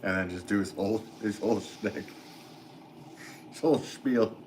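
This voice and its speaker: An American man in his forties, a potter chatting casually on a livestream and reading viewer comments in a rambling, relaxed way. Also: lowish voice, moderate pace, a little hiss or hum, poor audio. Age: 40s. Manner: rambling, relaxed, filler-heavy talk with laughs. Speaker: potter streaming live.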